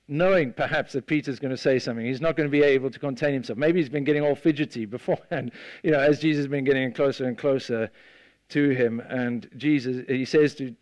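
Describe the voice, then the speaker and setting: A man preaching a sermon, retelling a scene with lively storytelling and acting out the voices of the people in it. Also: medium pitch, dry recording. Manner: animated storytelling, acts out the disciples' voices.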